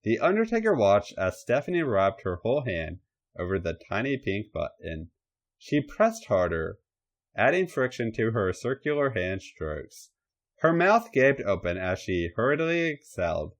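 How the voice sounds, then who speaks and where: A man hosting a podcast, giving an expressive, dramatic comedic erotic story reading. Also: on the low side, normal speed.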